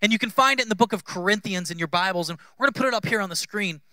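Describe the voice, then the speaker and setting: A man in his thirties preaches in a loose, joking way, bouncing into playful voices for the people he quotes. His voice sits very high and sharp. The sound is close and dry. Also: rapid-fire, dry recording. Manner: conversational, humorous, acts out quoted voices. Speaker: pastor. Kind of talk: sermon. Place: church.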